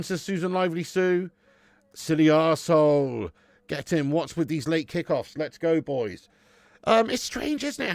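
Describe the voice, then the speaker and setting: Swearing, joking football stream host. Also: male voice, on the high side, no room sound. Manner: banter-heavy, swears and laughs, reads chat aloud. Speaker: livestream host. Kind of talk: casual football watch-along chat.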